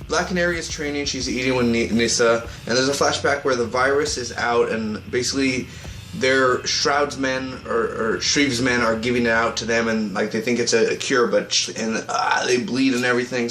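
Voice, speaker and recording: A man giving a casual spoken review of a TV episode, rambling and excitable, recorded on a tablet. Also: medium pitch, moderate pace, roomy sound, faint music behind. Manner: rambling and excitable, acts out characters' lines.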